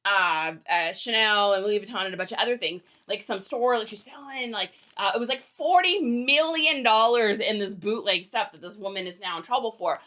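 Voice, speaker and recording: A woman's voice: medium pitch, moderate pace, hardly any pauses, bright, forceful tone. A young woman hosting a casual reselling livestream, chatting and joking with viewers while packing orders. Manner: chatty, joking, reads viewer comments aloud.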